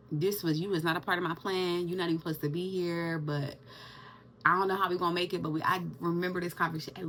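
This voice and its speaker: Young woman, lowish voice with vocal fry, animated storytelling vlogger. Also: a little hiss or hum. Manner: animated, addresses viewers as y'all, Southern US slang. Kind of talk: casual storytelling to camera.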